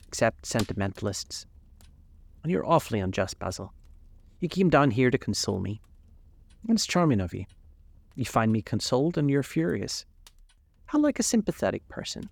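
A man voicing a cold, vain young gentleman in a storybook reading, languid and dismissive. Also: lowish voice, creaky, no echo.

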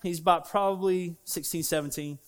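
Man, young adult pastor, animated storytelling sermon, fairly high voice. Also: brisk. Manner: animated, laughs at himself, acts out voices in his stories.

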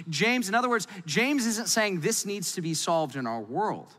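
A man preaching a sermon in a lively, playful, conversational way. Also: sits high, normal speed, few pauses, long reverb tail. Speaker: pastor.

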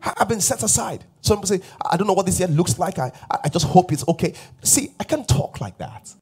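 A man's voice: sits high, lively intonation, quick pace, darkish tone, husky, faint music behind. A male pastor preaching a sermon emphatically, repeating refrains and sometimes dropping to a whisper.

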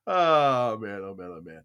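A man's voice: fairly low pitch, smooth. A man hosting a podcast, joking, laughing and reading out the live chat. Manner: lively, jokey, laughs easily. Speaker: podcast host.

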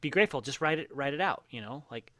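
A man's voice: medium pitch, expressive, fast, bright, forceful tone, dry recording, clean studio sound. A man co-hosting a podcast, chatting casually in an encouraging, reflective way. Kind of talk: casual chat.

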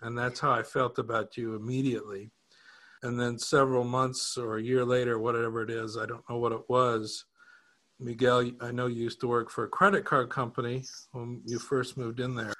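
A man with a bright, forward voice tells a personal story in a relaxed, conversational way. He is self-deprecating, chuckles now and then, and often restarts his sentences. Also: mid-range voice, moderate pace. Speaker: co-host. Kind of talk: casual anecdotal storytelling.

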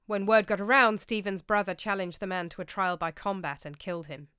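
Woman reading as a calm worldly priest, even and measured, dry close sound. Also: medium pitch, clear, resonant tone, no echo, lightly acted.

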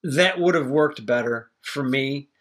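A man's voice: medium pitch, measured pace, a bit bright, slightly rough. A man co-hosting a podcast, chatting casually and opinionated about a movie, rambling and swearing freely. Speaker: podcast co-host. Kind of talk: casual movie review chat.

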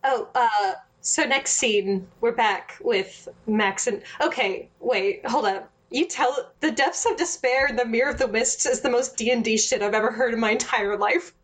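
A woman's voice: on the high side, moderate pace, few pauses. A young woman chatting casually, retelling a story with lots of laughter and quoted lines. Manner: giggly, animated retelling with quoted voices. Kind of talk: casual recap chat.

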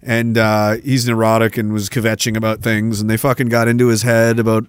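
A man hosting a livestream in a casual, rambling and profane way, quick to flare up and cursing between stretches of chatter. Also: fairly low pitch, little pitch movement, clean tone, no room sound, studio quality. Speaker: livestream host.

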